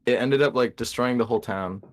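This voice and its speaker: A man's voice: medium pitch, a little fast. A man calling in, talking in a laid-back, hesitant way. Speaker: caller.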